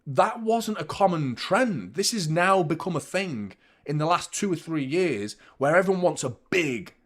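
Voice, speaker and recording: A man's voice: a little high, animated, measured pace. Opinionated man on a live football watchalong. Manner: chatty and opinionated, swears, rises sharply at big moments. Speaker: host of a football fan channel. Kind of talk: live match watchalong commentary.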